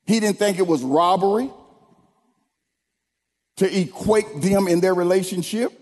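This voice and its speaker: A man preaching a sermon, leading the congregation in call-and-response and building to shouted lines. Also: high voice, a little slow. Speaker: pastor. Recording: long hall reverb.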